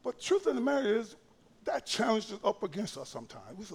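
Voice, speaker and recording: Very high-voiced impassioned male pastor. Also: huge pitch swings, a little fast, creaky, husky. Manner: impassioned preaching that swings between hushed and shouted. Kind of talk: sermon.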